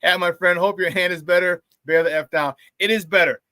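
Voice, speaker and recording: Hyped-up sports radio host, bright voice. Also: male voice, sits high, fairly quick, no room sound, studio quality. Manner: energetic, slangy hype. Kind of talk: casual morning sports talk.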